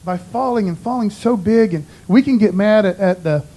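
A man's voice: sits high, normal speed, warm tone, rough recording. A man giving an informal, conversational sermon in a folksy way, often dropping "man" and "you know". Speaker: preacher.

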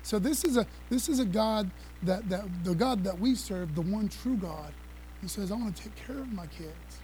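A man preaching with a high, lifted voice, quick and excitable, tossing in laughs and casual asides to his church. A faint hum runs underneath. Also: poor audio. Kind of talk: energetic sermon with slides.

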